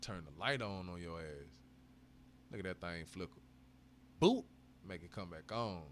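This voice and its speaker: A man's voice: sits low, moderate pace, a bit bright, a little hiss or hum. A man hosting a live stream, chatting casually with heavy swearing, frequent laughs and bursts of hype. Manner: profane, hyped, laughs often.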